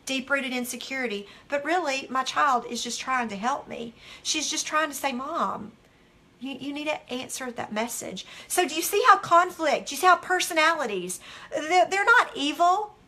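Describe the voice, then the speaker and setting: A middle-aged woman leads a devotional teaching talk in a high, bright voice. She tells candid stories from her own life, and she animates them by acting out what people said. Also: normal speed. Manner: animated, candid storytelling that acts out its own quotes. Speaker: devotional author and speaker.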